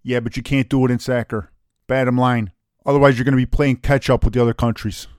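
A brash, profane, opinionated man casually co-hosts a soccer podcast, talking fast in a mid-range voice with fairly even intonation. The recording is dry and clean, with studio sound.

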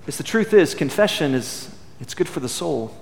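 A man's voice: on the high side, expressive, vocal fry. Emphatic preaching man in echoey hall. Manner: emphatic preaching, dramatic pauses, swings from loud to quiet. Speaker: pastor. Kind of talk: sermon.

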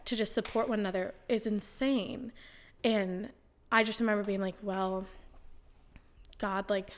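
A woman's voice: medium pitch, fairly even intonation, moderate pace. A young woman, a podcast guest, telling a personal story in a chatty way, full of "like" and acted-out quotes, and speaking earnestly about her faith. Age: young adult.

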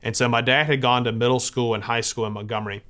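A man's voice: mid-range voice, fast talker. A man from the United States telling a personal faith story in a conversational way. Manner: conversational, lively when quoting others.

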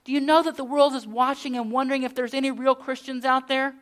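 A woman's voice: high voice, steady tone, quick pace, background noise. A middle-aged woman preaching a sermon as a pastor's wife, earnest, with storytelling and conversational asides.

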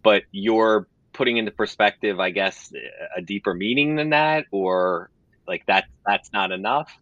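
Low-voiced man host, dull dry recording. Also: unhurried, fairly bright tone, no echo. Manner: hesitant, thinking aloud. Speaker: podcast host. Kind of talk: interview questions.

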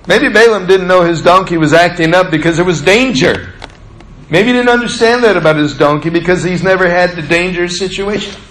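A man preaching a sermon as a folksy storyteller. He draws out his key words and drops his voice low for asides. His voice sits a little high, and the recording is roomy with faint ambient hum. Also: a bit bright. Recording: echoey room with faint ambience.

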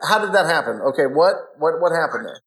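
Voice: medium pitch, animated, fast, a bit bright. An enthusiastic, chatty host running a casual interview. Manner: enthusiastic, chatty, laughs often. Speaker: podcast host. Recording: roomy sound.

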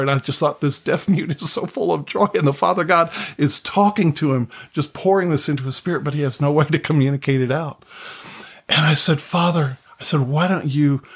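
Older guy preaching a story, earnest, keeps restarting and repeating himself, mid-pitched voice. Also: breathy edge. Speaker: pastor. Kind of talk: sermon storytelling.

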